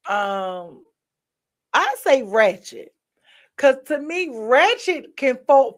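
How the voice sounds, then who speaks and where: A sleepy woman hosting a casual livestream, chatting straight to her viewers and jumping from topic to topic as she yawns. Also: fairly high pitch. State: sleepy, yawning. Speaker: livestream host. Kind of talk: casual live-stream chat.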